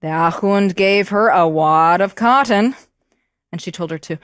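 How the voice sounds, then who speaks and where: A woman storyteller telling a fairy tale to children, expressive and prompting them to join in. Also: mid-range voice, measured pace, clean tone, dry recording, clean studio sound.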